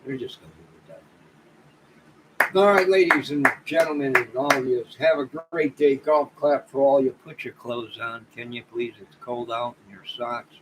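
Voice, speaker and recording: A man's voice: medium pitch, normal speed, few pauses. Rambling man signing off a noisy stream. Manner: rambling, joking, exclamatory. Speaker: livestream host. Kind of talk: casual livestream sign-off chat.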